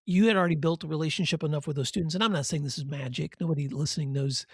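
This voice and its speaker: Middle-aged male host; thoughtful, encouraging, slightly high, husky voice. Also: very fast, dry recording, studio quality. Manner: thoughtful, encouraging, builds points in lists. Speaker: podcast host. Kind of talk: interview questions and reflection.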